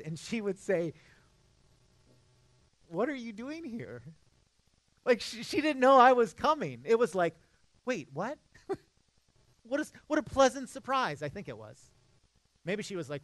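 Pastor, man, 30s, high voice, earnest conversational sermon, dry close mic. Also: fairly bright tone, no room sound. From Midwest United States. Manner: earnest, conversational preaching with frequent restarts.

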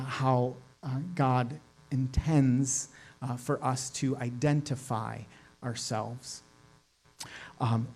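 A man's voice: mid-range voice, darkish tone. A man from New York, speaking earnestly and reflectively in an informal faith talk, thinking aloud as he goes.

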